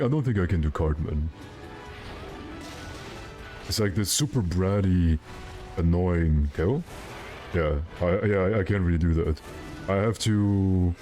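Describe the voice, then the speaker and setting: A male streamer with a low, dark-toned voice chats casually and rambles as he plays, cracking self-mocking jokes throughout the gaming stream.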